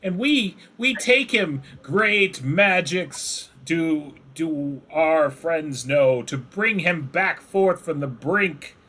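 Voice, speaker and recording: Man putting on high squeaky kobold voices, fawning, broken grammar, bright tone. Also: lively intonation, takes it slowly, few pauses, heavily acted. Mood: eager pleading. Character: fawning small kobold creatures, devoted, broken speech.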